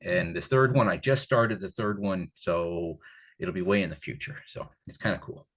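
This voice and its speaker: An older man from the Catskills talking as an author guest in a casual interview, rambling and animated, with many restarts. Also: low voice, moderate pace. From Catskills, New York.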